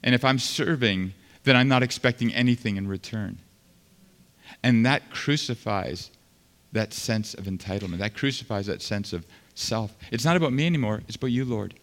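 Fervent preacher with a bright voice. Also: male voice, mid-range voice, moderate pace. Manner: swings from loud fervent preaching to quiet earnest speech. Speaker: pastor. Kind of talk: sermon. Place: large church sanctuary. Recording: long hall reverb.

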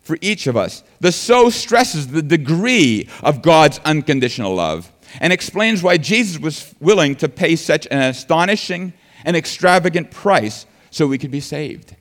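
A man's voice: fairly high pitch, very animated, measured pace, in a large hall. A man preaching a sermon earnestly, building emphasis and sometimes restarting his words. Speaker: pastor.

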